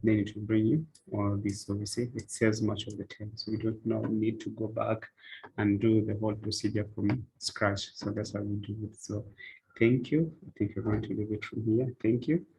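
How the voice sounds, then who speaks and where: Male tutor, low and raspy with vocal fry, plainly walking beginners through a trading platform. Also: little pitch movement, moderate pace, mellow, slight background noise, low-quality recording. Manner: step-by-step, repetitive "so you come" phrasing with "eh" fillers. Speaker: forex trading instructor. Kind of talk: screen-recorded tutorial walkthrough.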